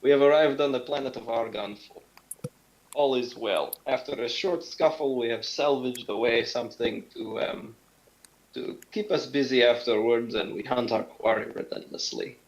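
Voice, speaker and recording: A man voicing a stiff, formal starship captain who reports in a flat, formal tone. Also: medium pitch, normal speed, muffled recording, natural voice.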